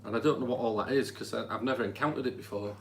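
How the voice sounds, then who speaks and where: A man from Britain in casual chat, describing what he went through in a plain, halting way. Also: mid-range voice, gravelly. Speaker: experiment participant. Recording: faint background noise.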